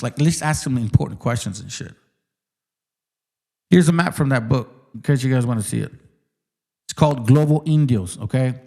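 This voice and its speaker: Profane, mocking man ranting, dark voice. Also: medium pitch, creaky. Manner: repeats words for emphasis. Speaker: channel host. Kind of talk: heated casual rant to viewers.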